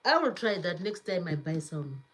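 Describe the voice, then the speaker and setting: A woman's voice: on the low side, sing-song, normal speed, poor audio. A woman hosting a cooking channel, chatting casually on a live stream, reading viewer comments aloud and laughing often as she repeats herself.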